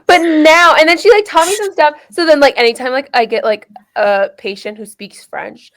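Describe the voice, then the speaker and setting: Woman, fairly high voice, casual sisters' chat, animated rambling storyteller. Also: normal speed. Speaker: podcast co-host.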